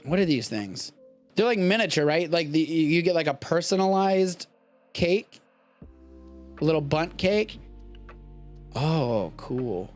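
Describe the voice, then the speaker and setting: A man's voice: fairly high pitch, animated, slow, pauses often, faint music behind. A young man from Texas hosting a live stream, chatting casually and riffing with profanity. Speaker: host of a live streamed show.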